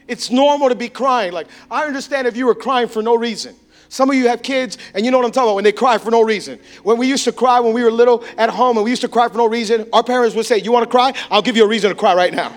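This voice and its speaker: A male pastor giving a sermon, swinging between impassioned shouts and hushed, intimate tones. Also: extremely high pitch, quick pace.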